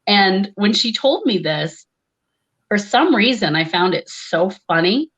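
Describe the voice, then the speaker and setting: A woman's voice: medium pitch, expressive, measured pace, a bit bright, dull audio. A woman telling a personal story in a wry, conversational way, laughing often. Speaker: conference speaker, comedian. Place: live online conference.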